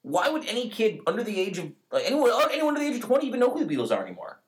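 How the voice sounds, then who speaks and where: A young man co-hosting a podcast, chatting casually and arguing his points with animated swings. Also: very fast. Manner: animated, swings pitch widely when arguing. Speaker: podcast co-host. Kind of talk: casual chat.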